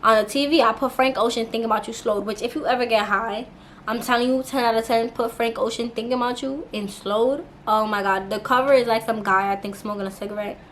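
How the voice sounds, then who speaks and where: A young woman telling a storytime for her channel in a casual, animated way, laughing as she talks and using plenty of slang and swearing. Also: a little high, a little fast, slight background noise. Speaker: YouTuber.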